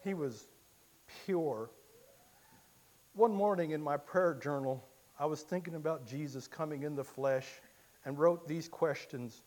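Impassioned male preacher, hushed to loud. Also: on the high side, measured pace, long pauses. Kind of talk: sermon with dramatic first-person storytelling.

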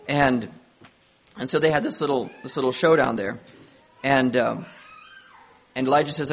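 A man's voice: mid-range voice, a little slow, vocal fry, long pauses. A man preaching a sermon, retelling a Bible story with earnest storytelling and acted-out dialogue.

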